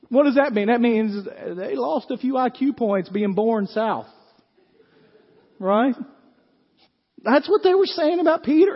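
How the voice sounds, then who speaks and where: Folksy pastor, high voice. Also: male voice, moderate pace, long reverb tail, lo-fi sound. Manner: folksy, talks to the congregation with frequent "right?". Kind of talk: sermon. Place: church sanctuary.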